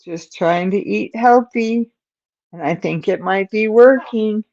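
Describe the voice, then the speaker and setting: A woman's voice: medium pitch, takes it slowly, a little mellow, dull audio. A woman hosting a casual crochet livestream from home, chatting and answering viewer comments, with a stuffed-up nose. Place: at home in front of a camera.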